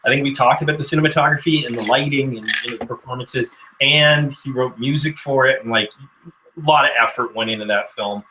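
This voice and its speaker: Man from Canada, casual film chat, crisp bright tone, easygoing and quick to laugh. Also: mid-range voice, a little hiss or hum, poor audio. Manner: chatty, laughs often. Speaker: film critic panelist.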